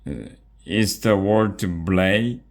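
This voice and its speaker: Brave helpful pig girl, storybook figure, read by a man, slightly raised voice, slow. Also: low-pitched, voice pushed up. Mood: earnest.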